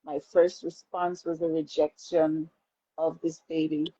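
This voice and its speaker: A woman with a husky, low-set voice tells her story frankly in a faith-based conversation. She is animated and acts out what she once said. The sound is muffled and lo-fi. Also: measured pace, no room sound. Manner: animated storyteller who acts out her own past words. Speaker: guest sharing a personal story.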